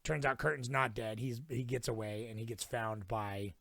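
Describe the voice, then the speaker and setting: A young man co-hosting a podcast, casually retelling a film plot in a rambling, profane way and slipping into quick voices for the characters. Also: mid-range voice, steady tone, gravelly, fairly bright tone, no echo. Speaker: podcast co-host. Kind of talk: casual film recap chat.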